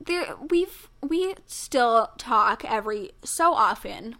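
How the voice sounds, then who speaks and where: A woman's voice: a little high, slow pace. A young woman co-hosting a podcast, chatting casually and acting out the people in her story. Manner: animated storytelling, acts out quoted voices. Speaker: podcast co-host. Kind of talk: casual chat.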